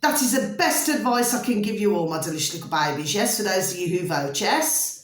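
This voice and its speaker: A woman's voice: mid-range voice, expressive, fairly quick. A woman talking emphatically to camera in a casual rant, repeating questions to her viewers. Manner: repetitive, keeps asking "do you see what I'm saying"; emphatic, peppered with "flipping". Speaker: video blogger. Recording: echoey room.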